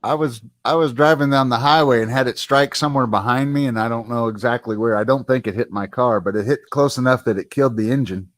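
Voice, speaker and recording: A man's voice: medium pitch, fast talker, hardly any pauses, no room sound, clean studio sound. A man telling a short story in casual chat, in a plain, matter-of-fact way.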